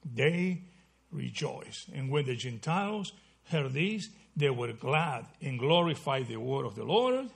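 A man's voice: mid-range voice, big pitch swings, measured pace, gravelly, husky. A man teaching a Bible study in a conversational sermon style, often checking in with his listeners and correcting himself mid-phrase. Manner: conversational, checks in with "okay?" and "right?".

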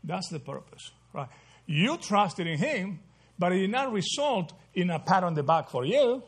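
A man with a slightly husky, somewhat high voice leads a Bible study. He asks his group question after question and keeps checking in with "right?" as he walks them through the verses. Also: very animated, normal speed. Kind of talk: interactive Bible study teaching.

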